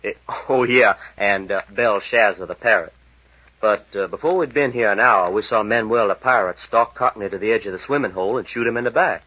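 A brash young pilot sidekick. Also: male voice, fairly low pitch, brisk, breathy edge. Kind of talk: 1940s radio acting. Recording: dull old radio broadcast.

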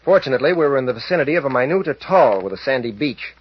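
Calm pilot captain, commanding, husky, dry sound, dull old radio. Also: male voice, mid-range voice, racing, dry recording. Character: male adventurer pilot captain, calm and decisive. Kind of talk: 1940s radio acting.

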